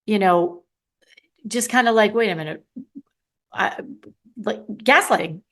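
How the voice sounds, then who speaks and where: A middle-aged woman, a confidence coach, talking candidly and playfully to her listeners in a solo podcast. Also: mid-range voice.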